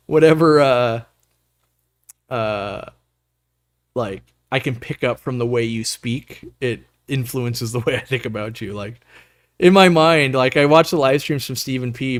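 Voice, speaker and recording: A man hosts a casual live stream, rambling loosely and upbeat as he answers the chat, using lots of fillers and slang. His voice is medium-pitched, and the clean studio sound has no echo.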